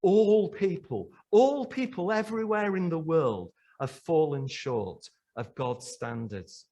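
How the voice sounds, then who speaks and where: A man's voice: a little high, lively intonation, slow, dark tone. A man preaching a sermon in church, emphatic and full of rhetorical questions to the congregation.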